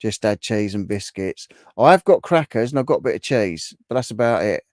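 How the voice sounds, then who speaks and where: A man's voice: lowish voice, expressive, moderate pace, darkish tone, no room sound, studio quality. A middle-aged man hosting a casual livestream and chatting back to viewers' comments. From England. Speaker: livestream host. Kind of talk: casual live chat.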